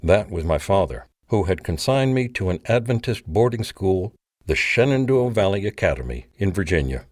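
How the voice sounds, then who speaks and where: A man with a very deep voice reads a memoir in measured, scripted narration. The sound is close and dead dry, with no room at all. His delivery stays even and unhurried. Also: no room sound. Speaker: audiobook narrator.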